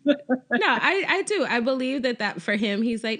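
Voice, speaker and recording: A woman co-hosting a casual TV recap podcast, animated and quick to laugh, often acting out what the characters said. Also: on the high side. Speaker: podcast co-host.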